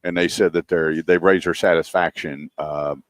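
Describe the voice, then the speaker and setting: A man's voice: low voice, normal speed, no room sound, clean studio sound. A man hosting a car-business radio show, telling stories and acting out what people said. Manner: animated storyteller, acts out quotes. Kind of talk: casual talk radio chat.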